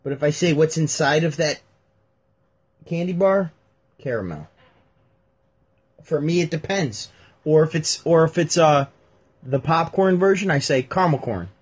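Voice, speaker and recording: A man hosting a casual chat, teasing and telling animated stories. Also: on the high side, normal speed, husky. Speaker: podcast host.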